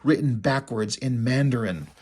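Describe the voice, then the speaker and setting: A man's voice: mid-range voice, normal speed, a little mellow, husky, natural voice. A man voicing a grandiloquent masked male villain, reading the comic's formal, flowery lines aloud. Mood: menacing.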